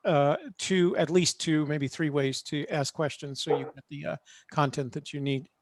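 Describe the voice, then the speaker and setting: A man on a video call making a sales pitch in a halting way, full of fillers. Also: fairly even intonation, dry recording, clean studio sound. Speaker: panel attendee offering live-stream production. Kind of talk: casual online panel chat. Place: home studio.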